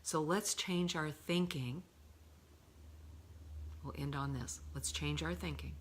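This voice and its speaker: A middle-aged woman giving a calm coaching talk, often slipping into a breathy whisper and stretching key words slowly. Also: sits low, slight background noise. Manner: slow, drawn-out emphasis on key words. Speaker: love coach.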